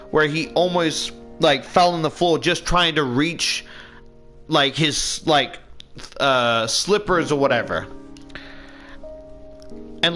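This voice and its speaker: An Australian man recaps a book in a loose, indignant way, full of "like"s and swearing. His voice is high and bright. Faint music sits under him. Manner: indignant, swears a lot, many "like"s. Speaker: YouTuber retelling a book. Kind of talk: casual story recap.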